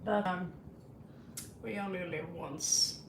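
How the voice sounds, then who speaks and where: A woman's voice: lowish voice, slow, noisy background. A woman with a Norwegian accent, reading tarot on a casual livestream, rambling, chuckling and swearing freely. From Norway. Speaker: tarot reader. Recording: echoey room, distant from mic.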